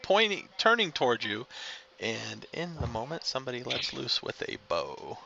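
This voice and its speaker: A man who narrates as game master of a tabletop game, in a halting, descriptive way with fillers. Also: mid-range voice, sing-song, vocal fry, muffled recording, a crowd in the background.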